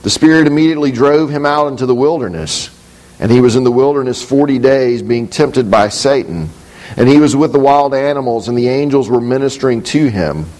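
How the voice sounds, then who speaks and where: A man teaching from the Bible. He reads the scripture in a measured, deliberate way, then explains it thoughtfully with frequent hesitations. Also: medium pitch, a little mellow, low-quality recording. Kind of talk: scripture reading and commentary.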